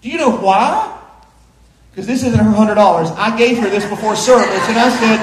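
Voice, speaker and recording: A man preaching a sermon, folksy and playful, building to loud emphasis. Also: sits high, lively intonation, moderate pace. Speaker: pastor. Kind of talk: sermon with live illustration. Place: church sanctuary. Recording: roomy church echo.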